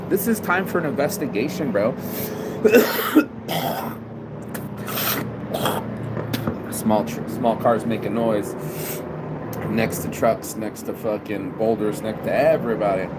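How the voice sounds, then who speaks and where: A man giving a casual, profane motivational rant outdoors by a busy road, preachy and calling the listener bro. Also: lowish voice. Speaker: motivational vlogger. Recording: loud traffic noise behind.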